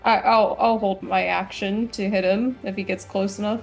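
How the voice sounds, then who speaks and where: A woman's voice: mid-range voice, fairly even intonation, normal speed, creaky, soft background music, rough recording. A woman playing a tabletop game, hesitant and unsure of her moves. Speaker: player. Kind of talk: casual tabletop play.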